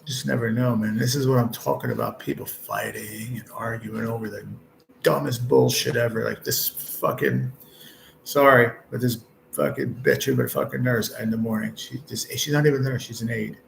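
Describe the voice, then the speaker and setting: Gravelly-voiced man, blunt and profane. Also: mid-range voice, expressive, moderate pace, a little hiss or hum, low-quality recording. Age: 40s. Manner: blunt, heavy swearing, rambling. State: ill with stage four cancer. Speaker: livestream host. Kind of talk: casual livestream chat. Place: hospital room.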